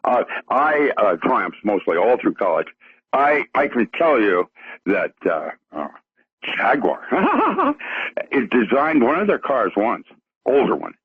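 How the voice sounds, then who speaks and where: A man's voice: medium pitch, wildly swooping pitch, slow pace, slightly rough. Older man on a muffled phone line. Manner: enthusiastic, technical, with frequent fillers and chuckles. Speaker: guest. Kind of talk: phone-in radio interview.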